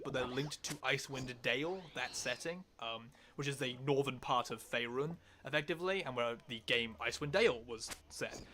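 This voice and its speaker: Bright-voiced, excitable man rambling. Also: mid-range voice, a little hiss or hum. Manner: enthusiastic, rambling, many "like"s. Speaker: podcast co-host. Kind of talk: casual lore chat.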